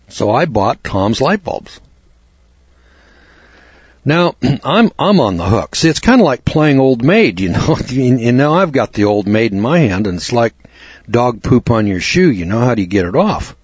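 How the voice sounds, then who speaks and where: A man's voice: on the low side, big pitch swings, normal speed, breathy edge, dry recording, dull audio. A man telling a rambling, folksy anecdote, often repeating words and restarting his sentences. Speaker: storyteller.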